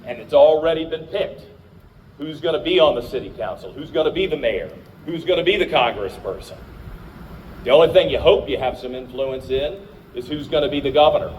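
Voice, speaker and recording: A man's voice: fairly high pitch, a little fast, a little mellow, distant mic, a little hiss or hum, poor audio. A middle-aged man from Virginia, a candidate and radio host, giving an emphatic speech to a crowd at an outdoor rally. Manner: emphatic, rousing, addresses the crowd.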